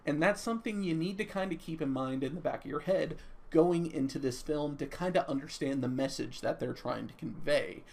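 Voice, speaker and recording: A man's voice: on the high side, gravelly, darkish tone. A young man giving an off-the-cuff movie review in a chatty, rambling way, stammering now and then.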